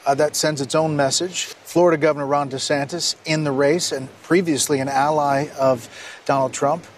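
A man working as a TV news anchor, asking measured, probing questions in an interview. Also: on the high side, steady tone. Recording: faint background noise.

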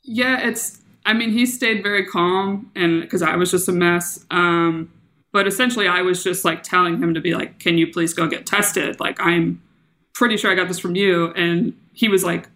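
A woman's voice: fairly low pitch, steady tone, normal speed, fairly bright tone. A young woman, a podcast guest, telling a personal story in casual chat, laughing often and acting out what people said. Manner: chatty, laughs often, acts out quotes in her story.

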